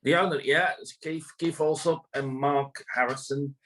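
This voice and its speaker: A man's voice: fairly high pitch, steady tone, moderate pace, a bit bright, low-quality recording. A man, a greyhound trainer, talking casually in an interview, rambling with many fillers and restarts.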